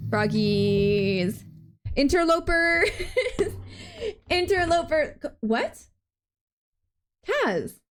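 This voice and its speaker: A young adult woman streaming a video game live, chatting excitedly with her viewers and gasping often. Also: medium pitch. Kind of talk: live gameplay stream chat.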